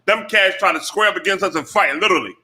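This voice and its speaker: Man, co-host, animated storytelling, quotes in character, high sharp voice. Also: fast talker. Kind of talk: casual storytelling.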